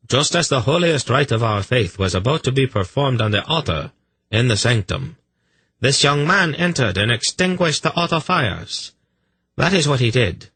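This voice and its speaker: A man's voice: mid-range voice, sharp tone, husky, no room sound, voice pushed up, exaggerated voice. A man voicing a strident, zealous priest inquisitor who declaims with self-righteous certainty.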